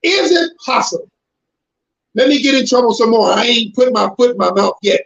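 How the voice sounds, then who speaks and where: High-pitched male preacher who pushes hard and shouts for emphasis, recorded roomy and lo-fi. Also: animated, normal speed, gravelly. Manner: emphatic, confrontational, with sudden shouted bursts. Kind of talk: preaching to a congregation. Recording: roomy, dull lo-fi sound.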